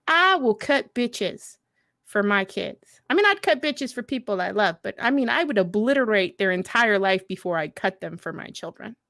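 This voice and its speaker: With a medium-pitched, slightly bright voice, this woman talks a little fast, with lively intonation and few pauses. A veteran and mother in her thirties, she tells blunt, profane, often laughing stories at a mental health event, recorded dry at studio quality.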